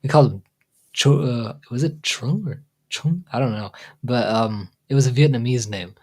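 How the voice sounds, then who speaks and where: A man's voice: mid-range voice, normal speed, a little mellow. A man hosting a casual livestream, rambling and stop-start, trailing off into fillers and chuckling as he jokes along. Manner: laid-back, joking, chuckles often. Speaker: livestream host.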